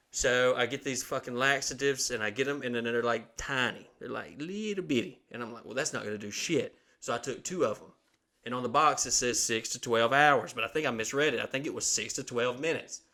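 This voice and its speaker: A man's voice: mid-range voice, pushed and bright. A young man hosting a podcast, telling a crude, rambling story in a casual, profane way and acting out the quotes. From Southern United States. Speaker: podcast host.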